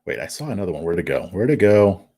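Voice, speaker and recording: Hosting a political commentary livestream, a man with a deep, dark voice talks fast in a sing-song way. He reads viewer comments casually, chuckling, and often trips over and repeats words.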